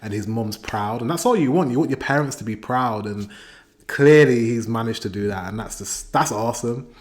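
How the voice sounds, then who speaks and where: A man's voice: medium pitch, moderate pace. British man casually reacting to music. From Britain. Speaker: reaction video host.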